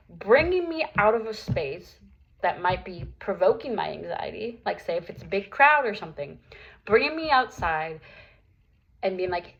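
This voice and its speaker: A young woman speaks openly to her viewers in a personal vlog, sincere and unguarded, her sentences full of casual fillers. Her voice sits at an ordinary middle pitch. The recording sounds a little dull and lo-fi. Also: animated, moderate pace, a bit bright. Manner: earnest, open, lots of "like" fillers. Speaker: vlogger.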